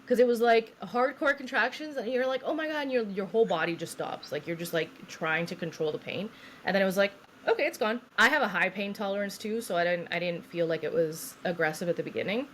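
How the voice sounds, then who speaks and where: A woman's voice: mid-range voice, fast, slight background noise. A woman in her thirties, a podcast co-host, telling a long personal story in casual chat, acting out what others said and laughing often.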